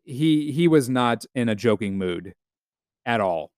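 A sarcastic man from the United States hosting a casual solo podcast, cursing freely and chuckling as he goes. His voice is smooth and clear. It sounds dry and close, with no room around it. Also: mid-range voice, expressive, a little slow, darkish tone, no room sound. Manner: sarcastic, profane, laughs often. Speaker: podcast host.

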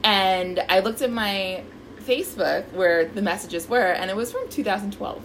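A woman's voice: mid-range voice, moderate pace, a little hiss or hum, low-quality recording. A woman telling a dating story in casual chat, acting out quotes and swearing freely. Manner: animated, swearing, acts out quotes.

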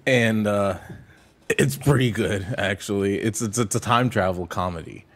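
A man co-hosting a casual podcast, telling stories in a relaxed, easygoing way. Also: fairly low pitch, unhurried. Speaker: podcast co-host.

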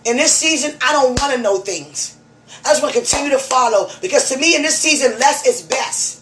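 A woman's voice: high-pitched, expressive, brisk, noisy background. A woman giving a fervent, emotional spiritual message to one listener, preaching and repeating her phrases.

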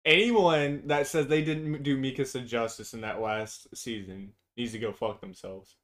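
A man's voice: medium pitch, steady tone, moderate pace, a bit bright. Blunt, profane man ranking anime. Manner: blunt and profane, opinionated, goes on tangents. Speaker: podcast co-host. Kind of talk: casual chat.

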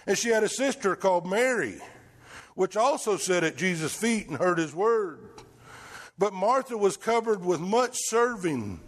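A man preaching a folksy sermon, swinging from loud bursts down to hushed lines. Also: sits high, a little slow. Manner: animated, swings from shouting to near-whisper, folksy.

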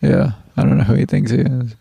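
A man's voice: mid-range voice, brisk, creaky, dark tone, slightly rough. A young man co-hosting a casual chat, teasing and joking in a loose, slangy way. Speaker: podcast co-host.

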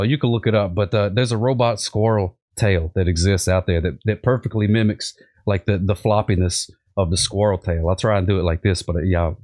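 Lower-voiced rambling, jokey host. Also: male voice, darkish tone. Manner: rambling and jokey, with many restarts. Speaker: podcast host. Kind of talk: casual comedic chat.

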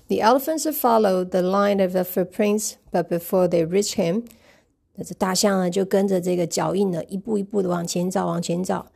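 Woman reading a children's book aloud, gravelly, husky, dark tone. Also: medium pitch, moderate pace. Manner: gentle, expressive, retells each page. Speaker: storybook reader. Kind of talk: bilingual picture book read-aloud.

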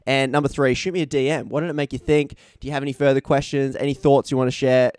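A man's voice: mid-range voice, fairly even intonation, fast talker, a little mellow, smooth, dry recording, clean studio sound. A man hosting a casual podcast interview, chatty and teasing his guest. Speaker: podcast host.

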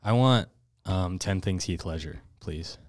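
A young man with a very deep, low voice, chatting laid-back on a podcast. The sound is close and dry, with no room echo. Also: a little fast, darkish tone. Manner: laid-back, slangy banter. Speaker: podcast co-host. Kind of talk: casual chat.

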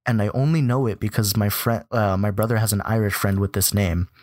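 A young man with a low voice talks loosely and at length, leaning hard on filler words as he works through his thoughts. The sound is dry and close, with no room around it. Now and then he jumps into a squeaky, mock-excited voice for a joke. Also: brisk, no echo. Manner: rambling, many "like" fillers, mock-excited high voice when joking. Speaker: podcast co-host. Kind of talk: casual chat.

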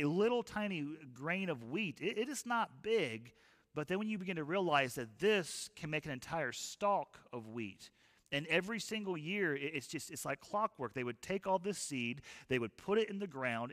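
A man preaching a sermon as a pastor, telling stories in an animated, folksy way. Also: fairly high pitch, big-room sound.

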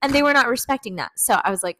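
A young woman with a high voice chats as a podcast co-host. She talks freely and laughs often, with an easy, conversational delivery. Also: lively intonation, very fast, fairly bright tone, no echo. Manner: chatty, laughs often, acts out quoted voices. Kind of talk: casual chat.

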